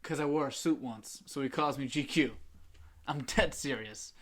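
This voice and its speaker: A young man hosting a casual podcast chat with his cousin, telling rambling stories full of laughs and quick impressions of friends. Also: medium pitch. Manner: animated storytelling, drops into impressions of friends; laughs often, rambling with fillers. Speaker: podcast host.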